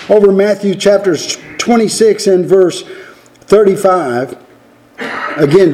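A man's voice: high voice, dark tone. A man preaching a sermon in an earnest, folksy way, often restarting phrases and raising his voice to act out quoted lines. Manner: acts out quoted lines with a raised voice.

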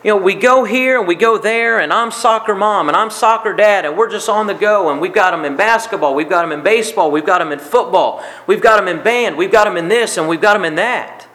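A man with a notably high voice delivers a sermon. He drives points home by repeating them in earnest preaching cadence. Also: fairly quick, hardly any pauses, pushed and bright. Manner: preaching with emphatic repetition. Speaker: pastor.

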